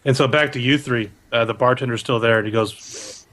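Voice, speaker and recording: A man's voice: mid-range voice, steady tone, a little fast, fairly bright tone. A man serving as game master, narrating a tabletop game in a casual, ad-libbed way with frequent laughs.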